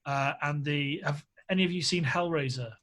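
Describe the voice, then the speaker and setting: A man's voice: a little high, moderate pace, a bit bright. Chatty man hosting a casual interview. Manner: rambling, full of restarts and fillers. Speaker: festival interviewer. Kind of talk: casual video call interview.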